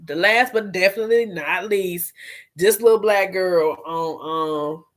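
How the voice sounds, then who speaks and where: A woman hosting a casual gossip vlog, animated and profane, laughing and talking straight to her viewers. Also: on the low side, measured pace. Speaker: vlog host.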